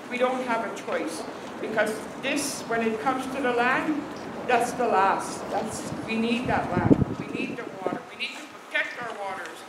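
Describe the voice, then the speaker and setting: A woman from Alberta, a First Nation leader, giving an emphatic, indignant speech at an outdoor rally in cold weather. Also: on the high side. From Alberta, Canada. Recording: echoey, distant, noisy outdoor crowd ambience.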